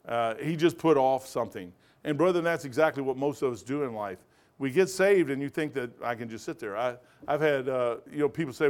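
A man's voice: medium pitch, brisk, darkish tone. A male pastor teaching a Bible study, preaching emphatically with folksy stories.

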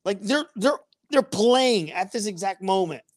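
A woman's voice: mid-range voice, lively intonation, unhurried, a little mellow, no echo, studio quality. A woman co-hosting a casual sports chat, ranting and mocking rival fans. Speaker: podcast co-host.

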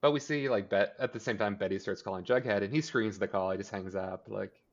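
Low-voiced man recapping, lo-fi audio. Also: fairly quick. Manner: rambling, filler-heavy, acts out character lines. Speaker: podcast co-host. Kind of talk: casual TV episode recap chat.

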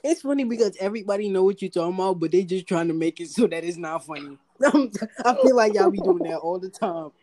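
A man's voice: high-pitched, animated, fast, few pauses, mellow, dry recording. A young man in casual chat with friends, teasing, cutting in and laughing often.

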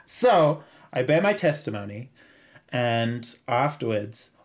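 A man's voice: mid-range voice, slow pace. A young man from Zimbabwe with a Zimbabwean accent, telling a story as a podcast guest in casual chat and often breaking into laughter. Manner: animated, laughs often, puts on voices for quoted people.

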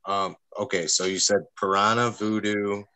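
A man's voice: lowish voice, flat delivery, moderate pace, bright, forceful tone. A man on an online group call, talking in a laid-back, rambling way with many fillers. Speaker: livestream co-host. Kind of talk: casual group chat.

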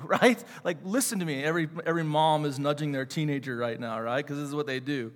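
A man in his thirties gives a casual sermon in a church, his voice sitting high for a man. He jokes, asks the crowd rhetorical questions and fills pauses with "uh." His words ring out with a long hall reverb. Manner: chatty, joking, many fillers and rhetorical questions. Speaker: church teacher. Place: church sanctuary.

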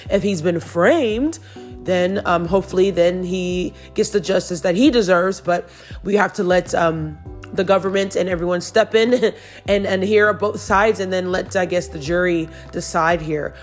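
A chatty woman hosts a celebrity gossip show in a somewhat low voice, reading stories aloud and breaking off to give her own opinions. She giggles now and then, and her voice is still recovering after being lost. Faint music plays behind her. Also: unhurried. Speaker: celebrity news host. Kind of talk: casual gossip news commentary.

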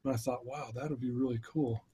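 A man's voice: mid-range voice, fairly even intonation, a little fast, mellow, slightly rough. A middle-aged man, a podcast guest, telling a personal story in an earnest, emotional way, often restarting his sentences.

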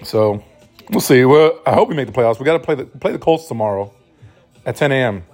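A man's voice: mid-range voice, animated, brisk, darkish tone. Rambling, cursing man with faint music. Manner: loose, rambling and profane, with many restarts. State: sleep-deprived new father. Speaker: podcast host. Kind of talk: casual solo monologue.

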